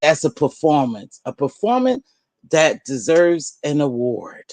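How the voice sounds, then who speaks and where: An older woman, an online commentator, gives blunt and exasperated live commentary to her viewers, using casual slang and repeating words for emphasis. Her voice is low-pitched, sing-song, and a little mellow, at a measured pace with no echo.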